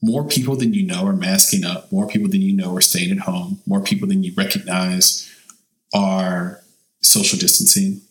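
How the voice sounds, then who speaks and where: A man's voice: low voice, fairly even intonation, moderate pace, echoey room, rough recording. A man co-hosting a casual podcast chat, talking emphatically and stretching key words. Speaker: podcast co-host.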